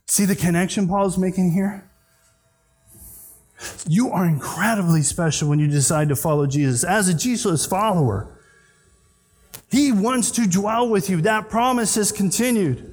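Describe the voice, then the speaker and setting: High-voiced preaching man in a reverberant hall. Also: measured pace, long pauses, a little mellow, slightly rough. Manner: preaching with rhetorical questions to the congregation. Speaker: pastor. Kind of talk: sermon.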